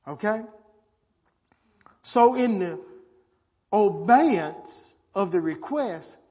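A man's voice: high-pitched, expressive, husky, highs cut off. A man preaching a live sermon in plain, colloquial speech, repeating his words and asking the listeners questions. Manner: slow, repetitive preaching with rhetorical questions.

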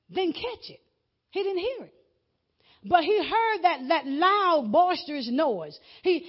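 Woman preacher, high voice all over the place, slows for scripture, muffled lo-fi recording. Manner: expressive preaching, reads scripture slowly then speeds up. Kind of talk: sermon.

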